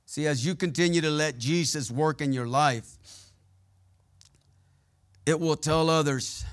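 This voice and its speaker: Man, preacher, fairly high voice, conversational sermon, candid storytelling, call-and-response asides. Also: measured pace.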